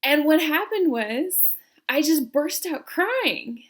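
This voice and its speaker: A woman's voice: high voice, lively intonation, unhurried. A young woman coaching viewers in a self-help video, talking earnestly and asking them questions. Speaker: personality coach. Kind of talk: direct-to-camera self-help talk.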